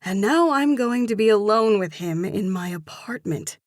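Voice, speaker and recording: A woman narrating a romance novel in first person with steady storytelling. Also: mid-range voice, moderate pace, few pauses, no echo, studio quality. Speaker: audiobook narrator.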